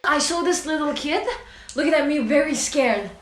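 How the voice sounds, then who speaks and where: A woman's voice: high voice, normal speed, reverberant, noisy background. A young woman, a university student, telling a story animatedly among friends and laughing often. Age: young adult.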